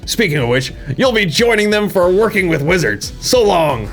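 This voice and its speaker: A man's voice: sits high, very animated, normal speed, a bit bright, faint music behind, heavily acted. A man voicing a stern, dismissive male police commissioner in a game playthrough. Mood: cold.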